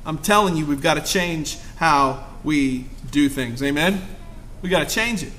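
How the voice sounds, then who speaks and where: A man's voice: on the high side, a little slow, a bit bright, slight background noise. A man preaching a fervent sermon as pastor to his congregation, rising to emphatic exclamations.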